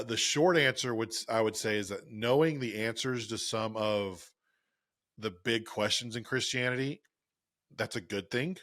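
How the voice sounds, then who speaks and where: A man talks through listener questions in a loose, joking way. His voice sits low, and the recording is dry and close with little room sound. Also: a bit bright, dry recording. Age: 30s. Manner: easygoing, joking, explanatory. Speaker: podcast co-host. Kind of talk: casual podcast chat.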